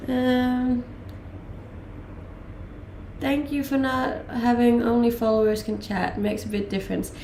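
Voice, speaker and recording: A woman's voice: on the high side, little pitch movement, slow pace, long pauses, mellow, roomy sound, slight background noise. A woman in her late twenties from Denmark, with a mixed Danish and English accent, chatting casually on a live stream with many ums and laughs. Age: late 20s. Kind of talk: casual chat reading live chat.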